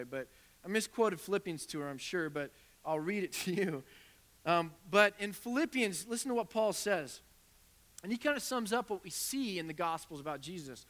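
A male pastor delivers a conversational sermon, retelling a conversation with lively back-and-forth. His voice sits a little high and sounds bright and forward. A long reverb trails behind him, as in a church sanctuary. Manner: conversational storytelling preacher, animated retelling of dialogue. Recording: reverberant hall.

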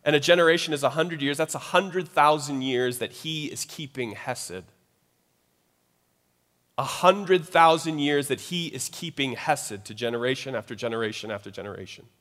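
A man preaches to his congregation in a loose, conversational way, often stopping to check in with the crowd. His voice sits at an ordinary middle pitch. The sound carries a long reverb from a large hall. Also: moderate pace, fairly bright tone. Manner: conversational preaching with frequent asides. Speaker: pastor. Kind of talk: sermon.

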